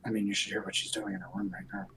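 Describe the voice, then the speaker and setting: A man playing in a live-streamed tabletop role-playing game, teasing the table in a dry, low-key way. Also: little pitch movement, very fast, bright, forceful tone, a little hiss or hum, rough recording. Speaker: player.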